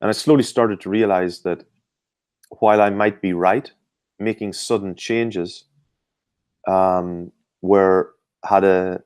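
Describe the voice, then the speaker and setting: A middle-aged Irish man, a performance coach, answering interview questions in a measured, explanatory way with frequent fillers. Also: low-pitched, a little mellow, no room sound.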